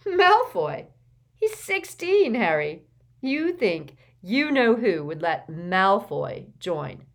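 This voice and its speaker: A woman's voice: medium pitch, sing-song, unhurried, voice pushed up. A woman voicing a blunt teenage boy who blurts out incredulous remarks.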